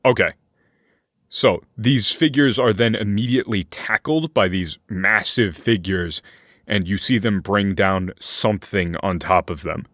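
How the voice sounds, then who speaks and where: Low-ish guy gm, talks real slow, lots of uh and like, dry close sound. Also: fairly bright tone, no room sound. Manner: slow, hesitant narration with many fillers. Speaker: game master. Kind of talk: narrating a tabletop game.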